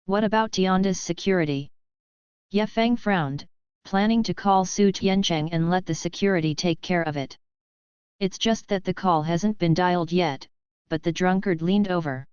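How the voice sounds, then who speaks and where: A woman reading an audiobook novel aloud in an even, steady scripted narration. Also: fairly low pitch, normal speed, clean tone, no room sound, dull audio.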